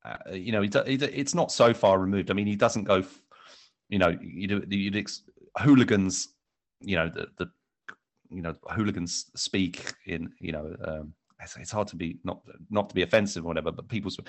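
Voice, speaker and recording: A man with an English accent, co-hosting a casual film podcast, talking with frequent restarts and fillers. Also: sits low. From England. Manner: hesitant, many restarts and fillers. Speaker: podcast co-host. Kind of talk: casual chat.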